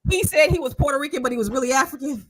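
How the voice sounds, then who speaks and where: A woman host in a casual chat, excitable and quick to interject. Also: high-pitched.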